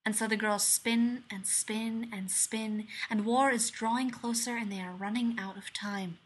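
A woman narrates a story in a soft, measured way, her voice sitting a little high. She reads the prose steadily, as a storyteller. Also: steady tone, noisy background. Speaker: fan fiction reader. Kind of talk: scripted narration.

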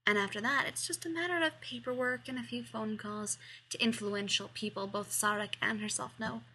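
A woman reading fan fiction aloud, expressive and sometimes dropping to a whisper. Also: fairly high pitch, moderate pace, breathy edge, rough recording. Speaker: fiction reader.

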